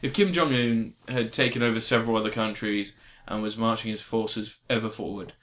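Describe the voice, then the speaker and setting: A man co-hosting a casual film review podcast, excitable and jokey, laughing and swearing often. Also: on the low side, fairly quick. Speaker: podcast co-host.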